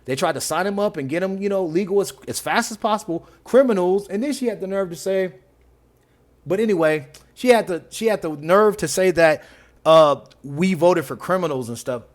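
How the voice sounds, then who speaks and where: A man's voice: sits high, a little fast. A man hosting a reaction video who mocks the clips with sarcasm and frequent laughter. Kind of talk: reaction commentary.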